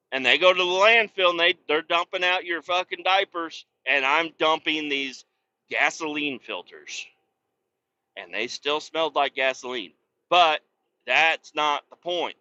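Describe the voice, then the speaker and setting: A man who hosts a podcast, ranting in a casual, profane, sarcastic way while he drives his truck down the highway. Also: bright, forceful tone. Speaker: podcast host. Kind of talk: casual rant while driving. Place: inside a moving truck on the highway. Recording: dull lo-fi sound.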